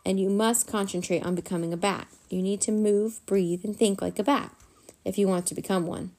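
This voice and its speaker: A woman voicing a cheerful, bossy little male pet bat with a squeaky, coaxing manner. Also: steady tone, brisk, warm tone, natural voice. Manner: encouraging, coaxing.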